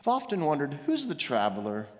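A man's voice: a little high, wildly swooping pitch, a little fast. Preaching man in a reverberant hall. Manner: rises to emphatic questions, drops soft for confession. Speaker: pastor. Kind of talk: sermon. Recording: long reverb of a large hall.

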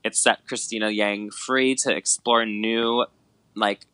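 A man's voice: fairly low pitch, takes it slowly, clean tone, no echo, rough recording. A man in his twenties chatting casually as a podcast co-host, telling a dramatic story with lots of fillers like "like" and "um". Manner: animated storyteller, many fillers like "like" and "um", dramatic retellings. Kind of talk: casual chat.

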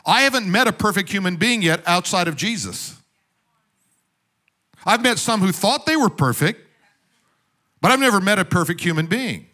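A man preaching a sermon in a conversational way, asking the audience questions and dropping into soft, quiet asides. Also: high-pitched. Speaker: pastor.

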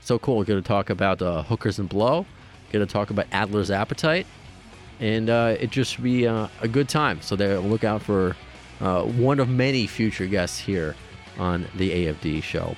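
A man hosting a podcast, wrapping up the show in a rambling, halting way with many fillers. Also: on the low side, animated, soft background music. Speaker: podcast host. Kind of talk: casual podcast outro.

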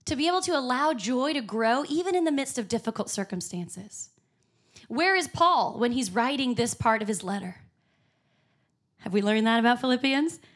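A woman preaching a sermon in church, upbeat and emphatic with frequent laughs. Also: high voice. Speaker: pastor.

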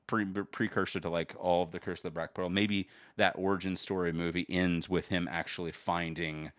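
A man's voice: low voice, flat delivery, normal speed, no room sound, studio quality. A man chatting casually on a podcast, rambling with lots of fillers. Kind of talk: casual chat.

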